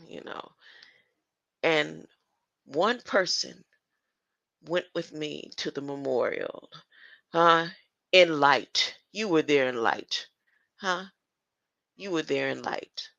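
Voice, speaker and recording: A woman's voice: low voice, animated, slow, gravelly, long pauses, fairly bright tone, no echo, dull audio. A woman talking casually on a livestream to her chat, rambling and often tossing in "huh?". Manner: rambling, keeps asking "huh?".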